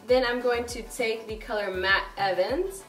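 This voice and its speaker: A woman's voice: on the high side, measured pace, far from the mic. Chatty young woman doing a makeup tutorial. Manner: chatty, bubbly, lots of "like" and "um". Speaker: beauty vlogger. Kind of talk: casual makeup tutorial talk. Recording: roomy echo, a bit off-mic. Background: faint background music.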